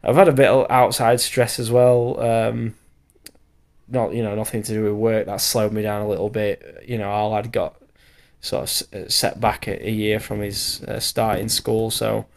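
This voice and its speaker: A man's voice: on the low side, little pitch movement, normal speed, vocal fry, darkish tone. A man in his thirties, a bricklayer, giving a rambling, casual voiceover full of fillers; he sounds tired from lack of sleep. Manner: rambling, loose talk full of fillers and the odd swear. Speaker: bricklayer vlogger.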